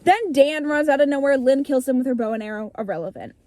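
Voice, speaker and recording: A young woman in casual storytelling to a friend, animated and breezy, swearing freely and acting out lines. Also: high-pitched, quick pace, no echo. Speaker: vlogger retelling her childhood story.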